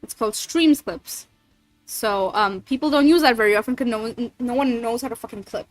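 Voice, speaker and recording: High-voiced giggly young woman streamer. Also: normal speed, soft background music, low-quality recording. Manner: giggly, slangy and profane, reacting to chat. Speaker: livestreaming voice actor. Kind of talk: casual livestream chat with viewers.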